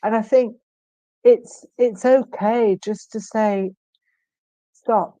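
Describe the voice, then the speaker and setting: A woman in her fifties, a guest in an interview, speaking earnestly and emphatically with frequent pauses and restarts. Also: a little high, fairly even intonation, mellow, no room sound, dull audio. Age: 50s. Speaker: guest, stroke survivor. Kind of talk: candid interview conversation.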